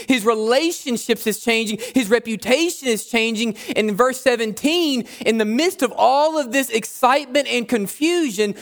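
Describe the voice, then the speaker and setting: High-voiced man preaching a sermon. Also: fairly bright tone. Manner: conversational preaching with repeated phrases. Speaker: pastor.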